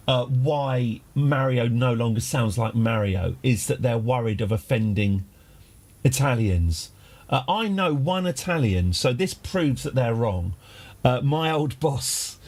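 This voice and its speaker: A man chatting casually as a game streamer, rambling through tangents with dry jokes. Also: mid-range voice. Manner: rambling, tangent-prone, dryly joking. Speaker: livestream gamer host.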